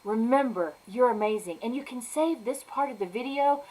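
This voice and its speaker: A high-voiced woman delivers a bubbly, encouraging video greeting. She sounds playful and effusive throughout. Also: animated, moderate pace, darkish tone, low-quality recording. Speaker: birthday video message sender.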